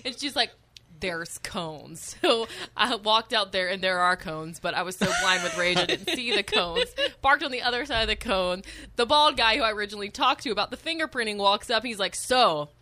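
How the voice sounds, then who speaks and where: A woman's voice: medium pitch, expressive, fairly quick, bright, forceful tone. A young woman co-hosting a radio morning show, telling a story in casual chat, laughing and acting out other people's lines.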